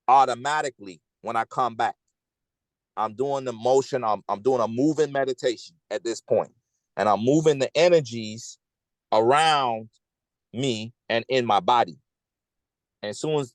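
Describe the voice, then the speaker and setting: A man in tells a personal story in a loose, animated way, leaning on slang and checking in with "okay?" as he goes. His voice sits at an ordinary middle pitch. The sound is dry and close, with no room echo. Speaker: host. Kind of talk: casual storytelling talk.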